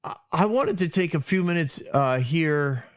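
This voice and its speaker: A man's voice: a little high, lively intonation, measured pace. A man hosting a casual Bible teaching podcast, talking in a rambling way with frequent restarts and self-corrections. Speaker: podcast host.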